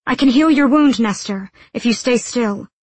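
An urgent young healer played by a woman pleads in a raised, husky voice. The reading sounds close and dry, like a storybook recorded near the mic. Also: fairly high pitch, moderate pace, a little mellow, no echo, voice pushed up.

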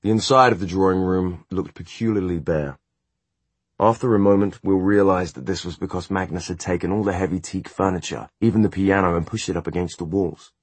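A man narrating a fantasy audiobook in a measured, even storytelling manner. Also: deep voice, breathy edge, no echo. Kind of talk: scripted narration.

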